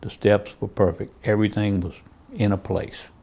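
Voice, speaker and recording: Lower-pitched male cop telling case stories for a crime interview, plainly told, voicing the exchanges. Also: little pitch movement, normal speed, warm tone. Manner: plain storytelling, acts out quoted dialogue. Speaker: police officer. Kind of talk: true-crime interview recounting cases.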